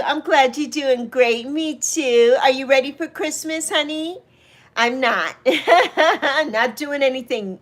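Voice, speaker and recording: A woman in her sixties hosting a casual livestream, chatting affectionately with viewers and greeting them by name. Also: a little high. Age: 60s. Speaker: livestream host. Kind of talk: casual livestream chat reading comments.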